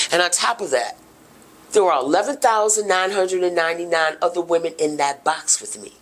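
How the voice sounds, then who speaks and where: A middle-aged woman, telling her own story on a podcast in an emotional, impassioned way, dropping to a hush and then rising loud. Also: fairly low pitch, a little fast, a little hiss or hum. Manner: emotional, impassioned, swings between hushed and loud. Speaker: podcast host. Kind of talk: personal testimony.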